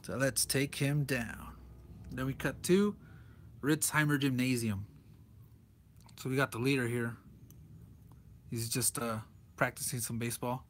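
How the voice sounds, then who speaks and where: A man's voice: medium pitch, fairly even intonation, measured pace, long pauses, a little hiss or hum. A man reviewing a comic book page by page in a loose, rambling way, chuckling often as he talks. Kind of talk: casual comic commentary.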